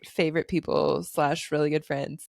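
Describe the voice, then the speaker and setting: A woman's voice: low-pitched, level tone, normal speed, creaky, a little hiss or hum. A young adult woman hosting a podcast, chatting casually with friends, often laughing and trailing off into asides. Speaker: podcast host.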